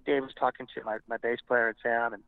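A man's voice: mid-range voice, quick pace, no room sound, narrow, tinny audio. A male rock frontman from California telling stories in a casual interview, acting out what others said and swearing freely. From Montebello, California. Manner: animated storyteller, acts out quoted voices, swears casually. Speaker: rock band frontman, guest.

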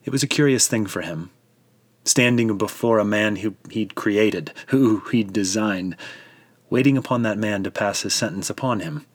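A man's voice: on the low side, moderate pace, no room sound. A man narrating a dramatic retelling of a scripture story in a vivid storyteller's manner.

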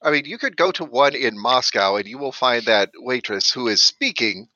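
A man playing a tabletop game, telling his take in an animated, storytelling way. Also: mid-range voice, normal speed, no room sound, highs cut off. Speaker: player. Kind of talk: casual tabletop game chat.

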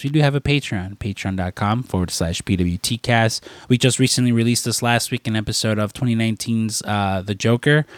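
A man's voice: lowish voice, no echo. A man hosting a podcast in casual chat, congested and stuffy, rambling loosely with lots of fillers. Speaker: podcast host.

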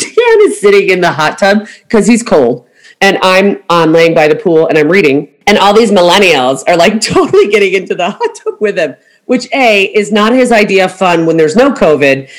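Middle-aged lady on a podcast, chatty, tells stories and does everyone's lines. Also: medium pitch. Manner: chatty storyteller, acts out quotes. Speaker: podcast host, travel agent. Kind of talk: casual chat.

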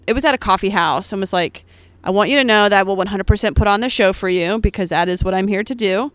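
Casual storyteller woman, smooth tone, dry close mic, rambling filler-heavy delivery. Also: medium pitch, fast talker, fairly bright tone, no echo. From United States. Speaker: comedian guest. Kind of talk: casual podcast chat.

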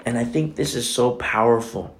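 A man's voice: mid-range voice, normal speed. A man preaching a sermon as pastor, emphatic, asking rhetorical questions and repeating phrases for weight.

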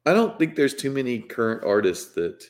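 Brief: mid-pitched Mississippi guy, pushes back hard in casual podcast banter. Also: sing-song, fairly quick. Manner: insistent, repeats himself to make a point.

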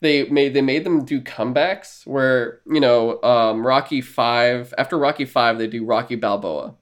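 A man's voice: medium pitch, measured pace. A man co-hosting a podcast in casual chat, rambling and joking with casual swearing. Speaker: podcast co-host.

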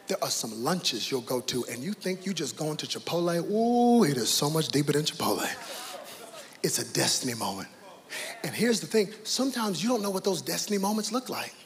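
A man preaching a sermon, dramatic, swinging from hushed to shouting. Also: on the high side, lively intonation, a little fast. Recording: reverberant hall with faint ambience.

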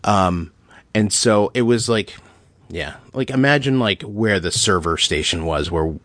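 A man co-hosting a podcast in casual chat, telling animated, profane stories packed with "like.". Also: on the low side, a little slow, dry recording. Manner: animated, profane storytelling full of "like". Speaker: podcast co-host.

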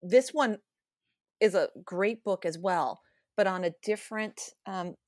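A woman co-hosting a casual book chat, measured and thoughtful with hesitant phrasing. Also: medium pitch, a little mellow, no echo, studio quality. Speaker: podcast co-host.

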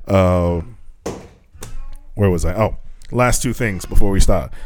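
A man co-hosting a podcast, telling stories in a casual, profane and animated way. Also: deep voice, slow, slight background noise. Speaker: podcast co-host. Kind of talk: casual chat. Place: Japan.

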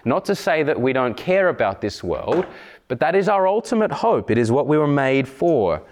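A man preaching a sermon in a church, earnest, slowing down on emphatic phrases. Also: fairly high pitch, sing-song, darkish tone. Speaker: pastor.

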